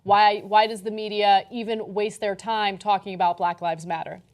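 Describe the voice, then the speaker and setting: Woman host, lively political chat, animated storyteller. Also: medium pitch, normal speed. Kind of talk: casual political talk show.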